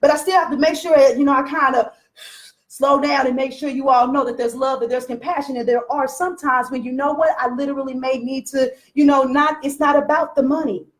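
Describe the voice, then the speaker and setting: A woman business coach speaks to her followers in a high voice, blunt and preachy, with plenty of profanity. She talks straight to her viewers. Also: steady tone, a little fast. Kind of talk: live motivational rant.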